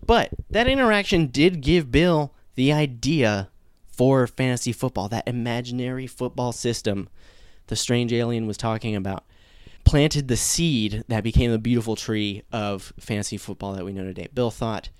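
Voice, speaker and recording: A man hosting a podcast, telling a comic mock-historical story in a deadpan way with fillers. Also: medium pitch, moderate pace, clean tone, no echo. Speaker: podcast host.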